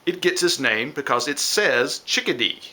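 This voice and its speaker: A man's voice: mid-range voice, animated, normal speed, very noisy. A man teaching children a science lesson, explaining step by step and imitating bird calls.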